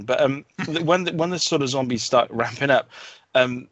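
A man co-hosting a film podcast, stumbling and restarting as he mocks a bad movie. His pitch is ordinary. The sound is close and dry, with no room echo. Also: a bit bright, lo-fi sound. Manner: halting, self-correcting, sardonic. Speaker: podcast co-host. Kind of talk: casual film review chat.

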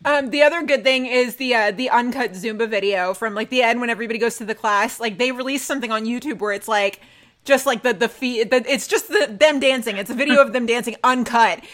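A woman co-hosting a casual fan chat, gushing and animated, swearing casually. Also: on the high side, brisk. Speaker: podcast co-host.

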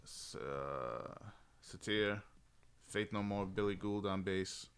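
Brief: male podcaster, very low smooth voice, offhand. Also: slow pace. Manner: offhand, reading aloud from search results. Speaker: podcast co-host. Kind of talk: casual chat.

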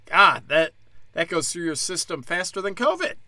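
His voice is high and bright with a forceful tone and big pitch swings, at normal speed in a dry recording. Alone on his own podcast, this stand-up comedian rants angrily, swearing, sneering sarcastically and mocking others in put-on voices.

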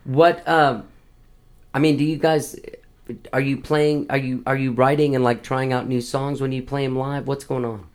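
A man interviewing a band in a relaxed, casual chat, laughing often. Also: medium pitch, moderate pace.

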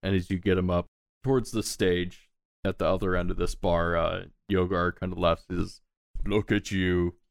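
A man with a deep, low voice narrates a tabletop game as its game master. He talks in a loose, laid-back way, swearing casually, and the sound is dry and close. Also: flat delivery, moderate pace, gravelly, no echo.

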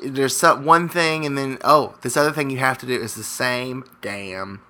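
Bright-voiced joking male co-host. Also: medium pitch, normal speed. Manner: rambling, joking storyteller. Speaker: podcast co-host. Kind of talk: casual comedic banter.

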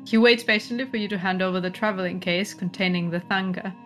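A woman's voice: mid-range voice, steady tone, fast talker, faint music behind. A woman narrating a tabletop horror game as game master, describing scenes and often laughing.

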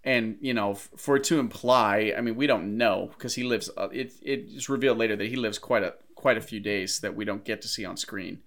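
Lower-voiced man picking apart a movie. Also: a little fast, hardly any pauses, a bit bright. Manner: thoughtful, picks apart plot details. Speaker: podcast co-host. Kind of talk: casual movie discussion.

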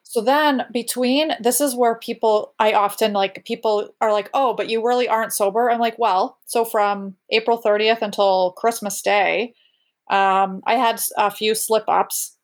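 A woman's voice: mid-range voice, steady tone, unhurried. Candid, rambling woman in her thirties. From Canada. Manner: candid, rambling, self-interrupting. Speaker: guest. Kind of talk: casual conversation.

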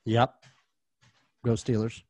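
A man's voice: mid-range voice, flat delivery, takes it slowly, dark tone, no echo. An American man co-hosting a sports podcast, chatting in a breezy, joking way. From United States. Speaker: podcast co-host. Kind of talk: casual sports podcast chat.

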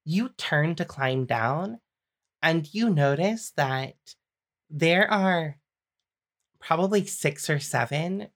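Woman game master, low-pitched and slow, patient explainer of rules and scenes. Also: a bit bright. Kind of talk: narrating a tabletop game.

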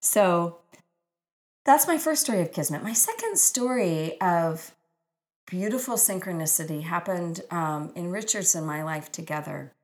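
A woman's voice: fairly low pitch, animated, measured pace. A woman author telling personal stories in an earnest, spiritual, inspirational way, with gushing exclamations. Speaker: author and speaker.

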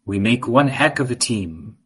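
Man reading as a calm loyal ninja. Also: medium pitch, measured pace, slightly rough. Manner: calm, reassuring.

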